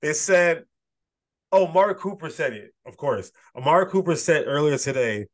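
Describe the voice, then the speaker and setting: A man with a slightly higher voice co-hosting a casual sports podcast. He jokes, teases and laughs often, and his talk is slangy and offhand. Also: expressive, moderate pace. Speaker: podcast co-host.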